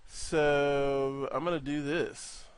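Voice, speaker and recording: A man's voice: on the high side, level tone, slow, a little hiss or hum. A man hosting a casual 3D modeling tutorial, talking through his steps in a rambling, joking way. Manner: jokey, rambling, talks to himself while working. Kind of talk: casual screen-recorded tutorial.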